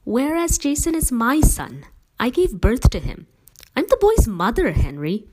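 A woman voicing a devoted middle-aged mother who speaks emphatically and persuasively, with gentle teasing. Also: on the low side, animated, normal speed, lightly acted. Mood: emphatic.

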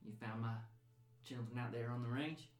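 A man voicing a stern, fuming frontier mother who scolds in gruff rural speech, in a game played with friends. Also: mid-range voice, fairly even intonation, normal speed, echoey room, close to an everyday voice. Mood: suspicious.

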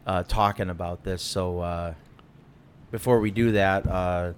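A man's voice: sits low, steady tone, measured pace, slight background noise. A young man co-hosting a podcast in casual chat, telling a story with plenty of fillers and restarts. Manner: rambling, lots of fillers and restarts. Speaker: podcast co-host.

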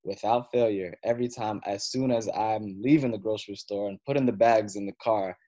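A man's voice: on the low side, steady tone, fairly quick, dark tone, no echo. A young man, a comedian guest, telling stories in a laid-back, slangy way full of fillers. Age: young adult. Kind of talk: casual storytelling chat.

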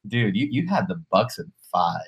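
Laid-back podcast host, lowish man. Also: normal speed, vocal fry, slightly rough. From Canada. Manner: relaxed, joking, stumbles over words. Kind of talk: casual sports podcast chat.

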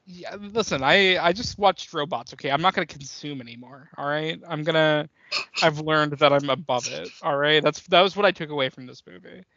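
A young man co-hosting a casual movie podcast, animated and rambling, swearing often and laughing a lot. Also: a little high, a little fast, dry recording, muffled recording. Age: young adult. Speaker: podcast co-host.

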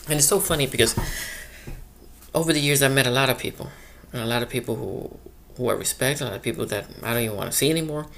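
A man hosting a one-man comic monologue about the workplace, chatting casually and acting out coworkers in quick quoted bits. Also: medium pitch, gravelly, fairly bright tone. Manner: chatty, acts out quoted coworkers, laughs at own stories. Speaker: one-man show host. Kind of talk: rambling comic monologue about work life.

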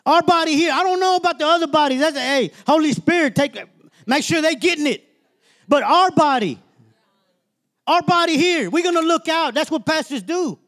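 A man's voice: extremely high pitch, moderate pace, a bit bright. A man preaching a sermon as minister, emphatic and colloquial, often calling out "Amen?" to the congregation.

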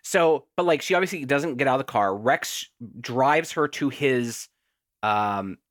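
Animated, rambling podcast co-host. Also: medium pitch, measured pace, no room sound, clean studio sound. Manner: animated, rambling with many fillers. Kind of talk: casual movie discussion.

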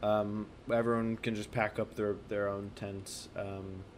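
A man's voice: lowish voice, little pitch movement, unhurried, slight background noise. A man running a tabletop game as game master, narrating with frequent hesitations. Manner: hesitant, many ums.

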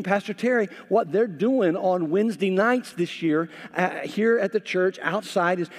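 A middle-aged male pastor delivers a sermon in a chatty, repeating style, with a slightly higher voice than most men. He swings into animated emphasis at times. His voice rings with the long reverb of a church hall. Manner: conversational preaching, repeats words, rises to animated emphasis.

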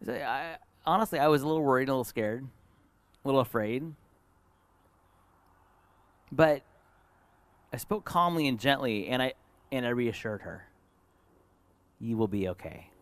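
A middle-aged man preaches as a pastor, mixing a personal story into his sermon. His voice sits in a middle pitch and he talks earnestly, rising to lively moments and dropping to hushed ones. The sound is dry and close, with no room echo. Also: normal speed, long pauses, clear, resonant tone.

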